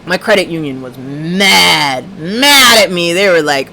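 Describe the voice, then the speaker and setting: A woman's voice: fairly low pitch, animated, unhurried, pushed and bright, slight background noise. A woman hosting a livestream, telling a story in a casual, profane, ranting way. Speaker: livestream host.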